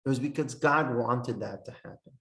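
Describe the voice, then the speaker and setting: A man's voice: mid-range voice, normal speed, gravelly, fairly bright tone. A man teaching a Torah lesson in an earnest, explanatory sermon style, quoting texts and commentators as he goes. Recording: echoey room.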